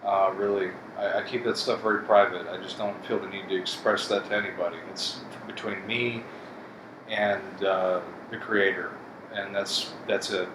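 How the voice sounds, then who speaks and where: A man in a bitter, profane rant, with a somewhat low voice. He speaks bluntly to his viewers. The room rings with echo, and air conditioning hums steadily behind him. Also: flat delivery, moderate pace, background noise. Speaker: vlogger. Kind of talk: casual monologue to camera.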